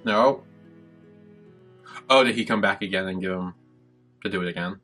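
A man hosting a reaction video, talking casually and excitably, swearing freely and exclaiming at what he sees. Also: deep voice, normal speed, soft background music.

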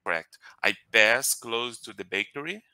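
A man from Brazil with a Brazilian Portuguese accent, speaking English as a second language on a video call, halting and correcting himself as he hunts for words. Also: mid-range voice, expressive, sharp tone, smooth, no room sound. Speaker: English learner. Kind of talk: casual chat in an online lesson.

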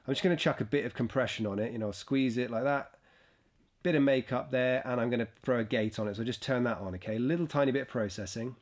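A man giving a casual step-by-step tutorial while recording on a laptop's built-in microphone in a houseboat bedroom. He explains as he goes and keeps checking in with "okay?" and "right?". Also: medium pitch. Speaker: video creator.

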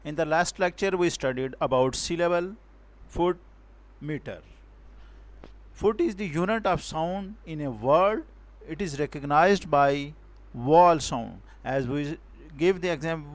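A man from Pakistan teaching a poetry lesson in a fairly high voice. He speaks very slowly and haltingly, restarting words and sounding out each syllable and stress aloud. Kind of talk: recorded poetry lecture.

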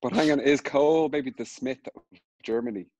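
A man's voice: medium pitch, a little fast, darkish tone, dry recording, poor audio. A man, a film director, joking in an offhand, wry way on a video call panel. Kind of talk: casual panel chat.

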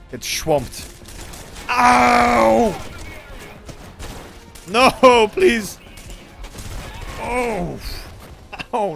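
A young man streaming a game, chatting and reacting with yelps and laughs. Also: high-pitched. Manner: excitable, swings into loud yelps and laughs. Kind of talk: gaming stream commentary.

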